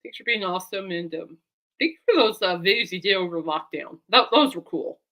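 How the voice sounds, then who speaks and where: A woman's voice: fairly low pitch, lively intonation, brisk, bright, forceful tone. A woman talking casually to her camera as a vlogger and fan, rambling and heartfelt, turning aside to talk to her dog.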